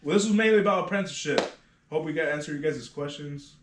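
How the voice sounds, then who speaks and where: A man's voice: fairly high pitch, quick pace, noisy background. A man, a barber hosting a podcast, telling stories in a casual, profane, slangy way and laughing often. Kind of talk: casual chat, storytelling. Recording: echoey room.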